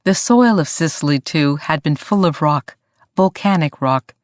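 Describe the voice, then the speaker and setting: An audiobook narrator reading a historical story in an even, measured way. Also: medium pitch, no echo, clean studio sound. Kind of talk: scripted narration.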